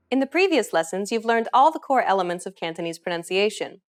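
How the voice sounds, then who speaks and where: A woman's voice: medium pitch, sing-song, fast, few pauses, faint music behind. A woman narrating a scripted language lesson in an upbeat, encouraging way. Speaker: language teacher.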